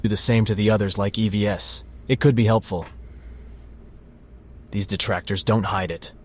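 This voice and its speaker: A low-ish male voice flatly reading out online posts one after another in a played clip. The delivery stays plain and even throughout. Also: normal speed. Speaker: comment reader in a played clip.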